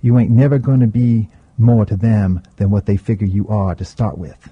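A man's voice: lowish voice, fairly even intonation, moderate pace, husky, phone-quality sound. A man voicing a graying, streetwise older man who talks in a laid-back, teasing drawl. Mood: steady.

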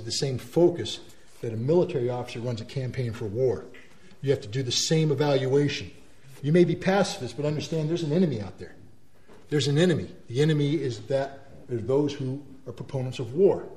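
A man delivers a lively talk to an audience. He is emphatic and repeats words for force, now and then mimicking the people he describes. His voice sits slightly high and rings in a roomy, echoey space. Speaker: speaker. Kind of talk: speech to an audience. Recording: roomy echo.

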